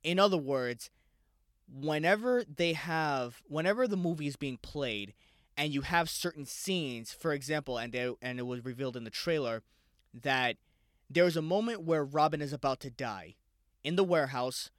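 A man's voice: on the high side, animated, normal speed, a bit bright, dry recording, studio quality. A man hosting a casual solo podcast, rambling loosely and swearing freely. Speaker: podcast host.

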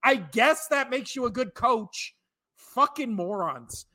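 A man's voice: very high-pitched, measured pace, pushed and bright. A man in his thirties or forties, co-hosting a sports podcast, ranting with profane, exasperated outbursts. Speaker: podcast co-host. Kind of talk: sports rant.

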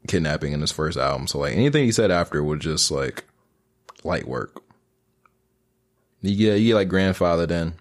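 A young man from Michigan hosting a casual solo podcast, rambling and joking in crude slang. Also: sits low. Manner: breaks into silly freestyle rap bits. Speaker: podcast host.

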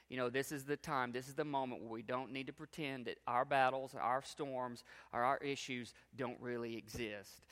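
A man preaching a sermon as a pastor, emphatic, swinging between soft low drops and rising peaks. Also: in a large hall.

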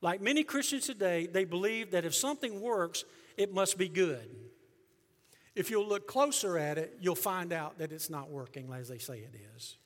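A middle-aged male pastor preaching a sermon, emphatic, surging loud and then dropping low. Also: expressive, normal speed. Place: church sanctuary. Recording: long reverb of a church hall.

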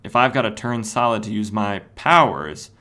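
A man's voice: lowish voice, animated, moderate pace, sharp tone. A man reading as a brash young superhero. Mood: determined. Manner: plain reading of a comic's dialogue.

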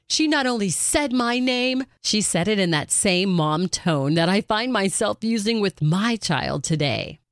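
A middle-aged woman talking earnestly and warmly about caring for her mother, with bright acted quotes here and there. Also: medium pitch, dry recording, clean studio sound. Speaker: caregiver sharing reflections. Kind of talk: personal reflective monologue.

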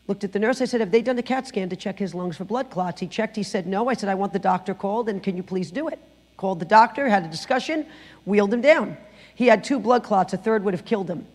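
A middle-aged woman sharing her personal testimony in church, telling the story with lively acted-out quotes. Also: medium pitch, big-room sound. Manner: animated storytelling, acting out quotes. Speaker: guest speaker giving testimony. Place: church sanctuary.

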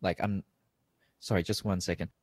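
A young man, chatting casually as a podcast guest, rambling with lots of fillers and quick self-corrections. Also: low voice, fairly even intonation, a little mellow, husky, no echo. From Australia. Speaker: guest actor. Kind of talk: casual chat.

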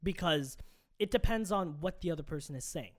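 Emphatic, argumentative man with lively pitch. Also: fairly quick. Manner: emphatic, argumentative, swears freely. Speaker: podcast co-host. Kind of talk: casual opinionated chat.

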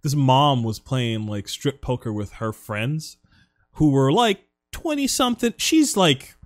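A man's voice: medium pitch, expressive. A young man hosting a casual podcast chat, blunt and profane. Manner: blunt, swearing, quick reactions and laughs. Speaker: podcast host.

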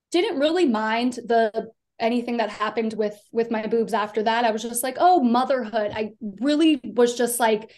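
A woman's voice: fairly high pitch, darkish tone. A woman from the US East Coast, a podcast guest, telling her personal story in a chatty, rambling way full of fillers. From Delaware, US East Coast.

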